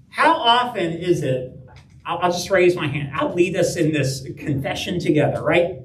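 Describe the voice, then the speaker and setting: A man's voice: high-pitched, expressive, normal speed, a little hiss or hum. A man preaching a conversational sermon, often checking in with "right?" and "okay?". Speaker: pastor. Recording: echoey room, heard from a distance.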